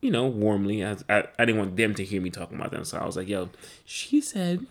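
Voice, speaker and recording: A man's voice: on the low side, fairly even intonation, rapid-fire. A man co-hosting a podcast, telling a family story in casual chat with lots of laughter. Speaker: podcast co-host.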